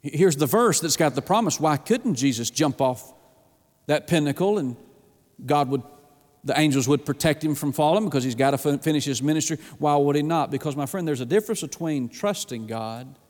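Folksy preacher with a raised voice. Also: male voice, a little high, moderate pace, darkish tone. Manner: folksy, emphatic, repeats "my friend". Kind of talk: sermon. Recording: long hall reverb.

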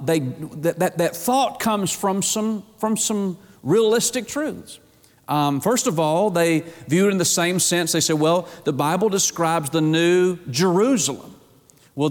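A man delivers a sermon in a higher-than-usual voice, drawing his congregation in with questions and call-and-response. His speech is informal, with "y'all" and "ain't". The sound rings with the long reverb of a large hall. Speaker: preacher.

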